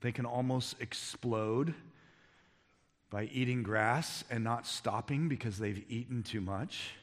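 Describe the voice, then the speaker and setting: A man's voice: medium pitch, slow. Emphatic preaching man in a reverberant hall. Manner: emphatic preaching, rising to near-shouts. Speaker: pastor. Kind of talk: sermon. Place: church sanctuary. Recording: long reverb of a large hall.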